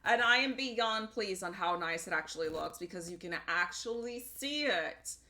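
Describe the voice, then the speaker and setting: A woman's voice: mid-range voice, expressive, moderate pace, sharp tone. A young adult woman from Puerto Rico streaming live, chatting casually and greeting her chat by name.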